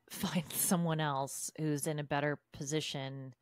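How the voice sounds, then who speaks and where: A woman co-hosting a podcast in casual recap chat, animated and chatty. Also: low-pitched, takes it slowly, dry recording, clean studio sound. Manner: animated, chatty, quotes people in put-on voices. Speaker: podcast co-host.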